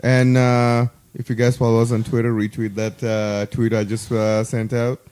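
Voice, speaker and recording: A man co-hosting a casual podcast, talking in a relaxed way with frequent fillers. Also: mid-range voice, moderate pace, clear, resonant tone. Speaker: podcast co-host.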